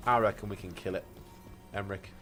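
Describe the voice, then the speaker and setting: Chatty low-voiced male game streamer. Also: steady tone, quick pace, over loud music. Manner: chatty, reads chat aloud and reacts. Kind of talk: casual gameplay commentary. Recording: faint background noise.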